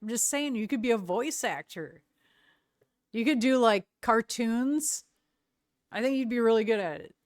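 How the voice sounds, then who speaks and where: A woman streamer chatting casually with her viewers, relaxed and quick to laugh. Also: fairly high pitch, no echo, studio quality.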